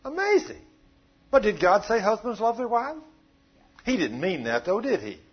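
A man preaching a sermon, telling stories in a folksy, animated way. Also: high-pitched, normal speed, slightly rough. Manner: folksy, animated storytelling with acted quotes. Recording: dull lo-fi sound.

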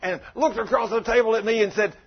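Husky pastor telling a story. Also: male voice, high-pitched, fast talker. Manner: folksy, animated storytelling. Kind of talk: storytelling sermon. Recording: dull lo-fi recording.

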